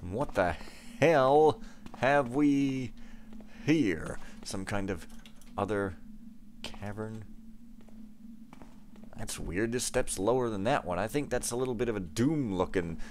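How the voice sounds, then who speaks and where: A man's voice: lowish voice, a little slow, long pauses, a little hiss or hum. A young man giving casual gameplay commentary, ranting and easily frustrated, with outbursts and musing. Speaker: let's play gamer.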